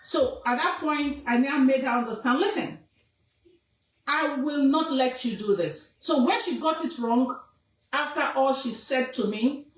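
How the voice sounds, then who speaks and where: Emphatic Nigerian woman, high voice, echoey room. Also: distant mic. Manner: emphatic, repetitive, scolding. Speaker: activist. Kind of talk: impassioned public statement.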